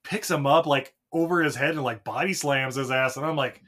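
A man's voice: medium pitch, fairly bright tone. Laughing man recapping a film. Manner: joking, acts out scenes in quick voices, laughs often. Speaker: podcast co-host. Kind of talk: casual chat recapping a movie.

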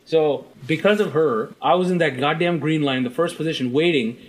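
High-voiced male co-host, big swooping delivery, swears freely while ranting. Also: normal speed, few pauses. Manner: animated, profane ranting storyteller. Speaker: podcast co-host. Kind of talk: casual chat.

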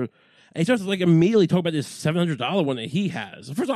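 A man's voice: a little high, very animated, fast, a little mellow, no echo. A man hosting a casual monologue, rambling with lots of swearing and working himself up into rants. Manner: profane, rambling, gets worked up into ranting.

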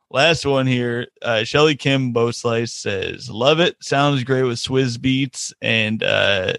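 A man's voice: mid-range voice, takes it slowly, gravelly, fairly bright tone, no echo, studio quality. A man hosting a casual podcast chat who laughs often, swears freely and reads listener comments aloud. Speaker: podcast host.

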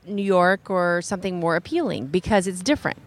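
A woman's voice: lowish voice, brisk. A woman co-hosting a talk radio show, talking casually with lots of fillers. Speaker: radio co-host.

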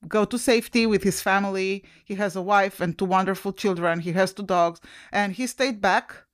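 Woman podcast cohost, fired up and emotional about politics, mid pitch. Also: no room sound, studio quality. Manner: impassioned, emotional. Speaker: podcast co-host. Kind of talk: casual political discussion.

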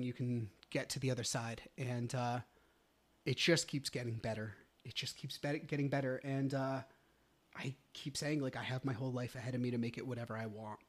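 A man in the middle of his voice range talks alone into a podcast mic, overwhelmed with relief. His delivery is raw and heartfelt, cursing freely and sinking at times to a hushed near-whisper. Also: mid-range voice, steady tone, moderate pace. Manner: emotional, grateful, swears often, drops to a near whisper. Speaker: podcast host. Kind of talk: solo podcast monologue.

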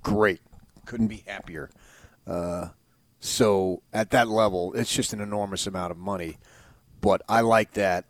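A man's voice: on the low side, fairly even intonation, measured pace, no echo. A man hosting sports talk, rambling with restarts and growing emphatic when he praises a player. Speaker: sports radio host.

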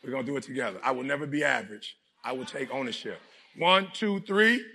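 A man from Detroit giving a motivational speech to a live audience, gravelly and emphatic, often shouting. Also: mid-range voice, very fast. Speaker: motivational speaker.

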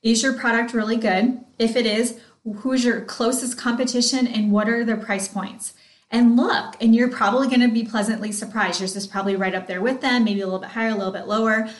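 A woman in her thirties, hosting a podcast and coaching on sales in an excited, chatty way, talking straight to her listeners. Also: a little high, a little fast, echoey room. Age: 30s. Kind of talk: casual motivational talk.

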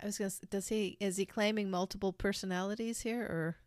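A woman's voice: medium pitch, fairly even intonation, darkish tone, no room sound, clean studio sound. Woman reacting in casual chat. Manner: reactive, quick interjections. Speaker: co-host listener.

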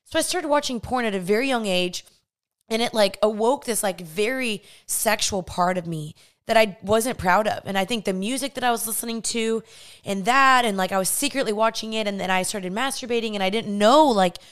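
A woman's voice: mid-range voice, brisk, smooth. A young woman podcast host telling a personal faith testimony in a candid, earnest, chatty way.

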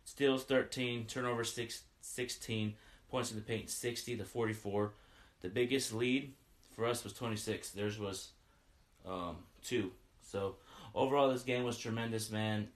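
Excited man with a fan's game recap. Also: on the low side, measured pace, reverberant. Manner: excited fan, repeats "you know what I mean". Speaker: sports podcaster recapping a game. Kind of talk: casual post-game fan recap.

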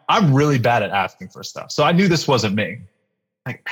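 A man in his thirties, a pastor, telling a personal faith story in a relaxed interview and acting out the lines he quotes. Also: mid-range voice, normal speed, husky. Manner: animated storyteller with fillers, acts out quoted lines. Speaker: pastor guest. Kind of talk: conversational storytelling in a podcast interview.

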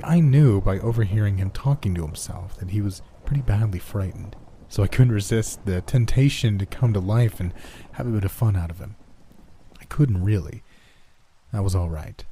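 A man's voice: lowish voice, normal speed, dark tone, breathy edge. A man voicing an unhinged male asylum inmate who claims to be a doctor, talking vaguely and rambling. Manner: vague, then suddenly ferocious.

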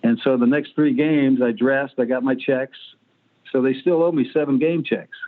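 Heard on a phone-like line, a man in his sixties who once played pro quarterback guests on an interview show, spinning profane, blunt tales with quoted voices. His pitch is medium, his intonation fairly even, his speed normal.

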